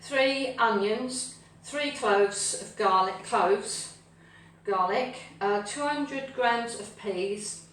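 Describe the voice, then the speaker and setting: Cheerful and rambling, a woman talks to her pets and viewers while hosting a live cooking stream in her home kitchen. She speaks very slowly in a bit bright, medium-pitched voice, and the sound is distant and echoey with a faint hum.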